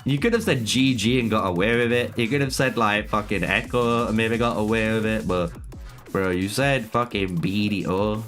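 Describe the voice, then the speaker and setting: A man's voice: fairly low pitch, moderate pace, fairly bright tone, soft background music. A man streaming a game live, chatting casually with viewers, swearing a lot, laughing often and calling them bro. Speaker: gaming streamer.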